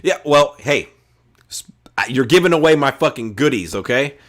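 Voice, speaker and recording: A man's voice: medium pitch, expressive, moderate pace, a bit bright. Rambling, profane podcast co-host guy. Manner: profane, rambling retelling with filler words. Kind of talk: casual movie review chat.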